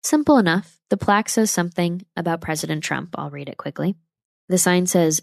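Low, gravelly woman vlogging. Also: fairly quick, dry recording, clean studio sound. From United States. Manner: impassioned, opinionated, addresses viewers directly. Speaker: travel vlogger. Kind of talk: casual opinionated vlog monologue.

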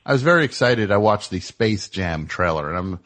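A man with a somewhat low voice hosts a comedy call-in show. He teases his callers and riffs in a loose, rambling way. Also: expressive, a little fast, a bit bright. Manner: teasing, riffing and rambling. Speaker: host.

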